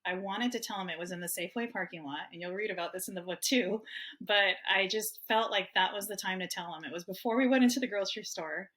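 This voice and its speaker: A woman's voice: medium pitch, quick pace, a bit bright. Candid woman in her fifties. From Hawaii, United States. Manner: open, emotional, laughs often. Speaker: guest author. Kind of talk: candid personal storytelling.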